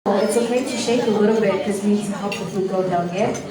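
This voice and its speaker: A woman emceeing an awards ceremony, announcing in a loud, upbeat way. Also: medium pitch, steady tone, fast. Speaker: event emcee. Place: large event hall. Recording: echoey hall, far from mic, crowd.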